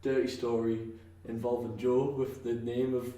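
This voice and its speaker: Guesting on a podcast, a North East English pro wrestler talks at a normal speed in a medium-pitched, level, dark voice. He rambles casually, restarting often, using plenty of fillers and laughing a lot, and the distant mic adds echo and faint noise.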